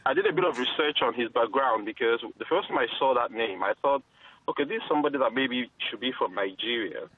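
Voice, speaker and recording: A man's voice: mid-range voice, lively intonation, fast talker, dry recording. A man calling in to a radio phone-in, polite and hesitant with many ums. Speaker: phone-in caller. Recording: tinny phone line.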